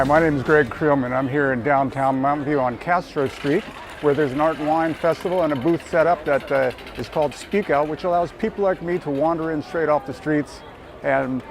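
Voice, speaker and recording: An upbeat man pitches his voice-over skills to the camera at a street festival, eager and a little halting. His voice is slightly high, and a lively crowd fills the background. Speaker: aspiring voice-over talent. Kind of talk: self-promotional pitch to camera. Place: outdoor street festival booth. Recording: busy street crowd behind.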